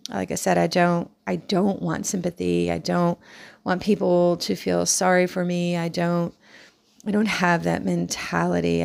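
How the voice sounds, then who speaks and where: A woman's voice: on the low side, gravelly, darkish tone. A middle-aged woman who works as a hairdresser, hosting her own podcast in a casual, rambling way with many fillers and restarts. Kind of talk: casual solo podcast talk.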